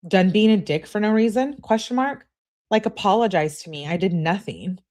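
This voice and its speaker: A woman's voice: medium pitch, expressive, normal speed, a little mellow, close to an everyday voice. A woman reading aloud as an upset teenage girl, clingy and indignant, complaining in an exasperated way. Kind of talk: reading text messages aloud.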